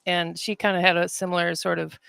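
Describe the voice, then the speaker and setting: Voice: medium pitch, flat delivery, brisk, creaky, a bit bright, clean tone, no room sound. A podcast host running a casual interview, laid-back and upbeat, greeting listeners with hype.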